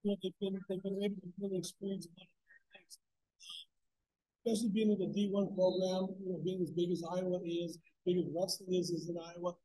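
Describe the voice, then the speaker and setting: Fast-talking husky-voiced coach. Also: male voice, high-pitched, flat delivery, warm tone, rough recording. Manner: eager, rambling storyteller with many restarts. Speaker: national team coach, guest. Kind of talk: live podcast interview. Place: at a wrestling tournament.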